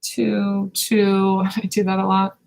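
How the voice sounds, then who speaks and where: This is a live spiritual reading by a woman who is an intuitive reader, heard on poor audio. Gravel and fry color her slow, meditative voice, which stays even in pitch, and she halts again and again, using fillers and pauses while searching for words.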